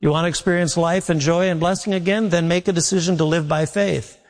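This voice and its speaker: A man preaching a sermon as a pastor, telling folksy stories and slowing down on key words for emphasis. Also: a little high, steady tone. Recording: long reverb of a large hall.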